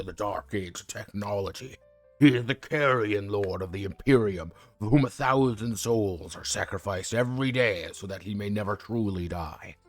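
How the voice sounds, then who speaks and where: A man giving a solemn, grave dramatic scripted narration. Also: lowish voice.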